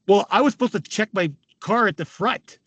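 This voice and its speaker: A raspy middle-aged man from Canada spins loud, laugh-filled stories as an interview guest. His voice sits high for a man and sounds dry and close. He swears freely. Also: normal speed, no echo. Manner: laughing often, swearing, animated anecdotes. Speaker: guest, former hockey player. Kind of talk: casual storytelling interview.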